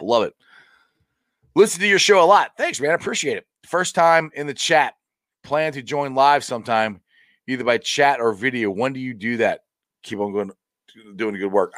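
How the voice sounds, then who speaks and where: Male sports stream host, animated delivery, dry close mic, rambling and excitable. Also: medium pitch, no room sound. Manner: excitable, rambling, laughs often. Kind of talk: casual live-stream chat.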